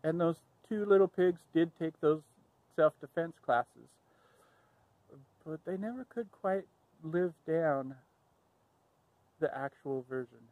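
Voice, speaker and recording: A man tells a playful, improvised fairy-tale retelling, rambling a little and catching himself mid-sentence. His voice sits a touch high for a man, with a dry, close sound. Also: slow pace, long pauses, dry recording, phone-quality sound. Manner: rambling, playful, self-correcting. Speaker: storyteller. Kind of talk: improvised storytelling.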